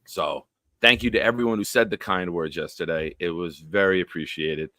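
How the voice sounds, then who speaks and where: Male sports-stream host: low, forceful voice, dry close sound, excitable, shouts out viewers. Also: moderate pace, no echo. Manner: excitable, bursts into loud sing-song chants; shout-outs to viewers by name. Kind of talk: live-streamed sports chat.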